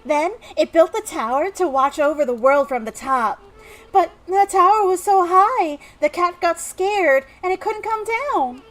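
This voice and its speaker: A woman voicing a sweet little girl in a video game, high and nasal, telling a sad story in a wistful way. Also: animated, measured pace, fairly bright tone, heavily acted.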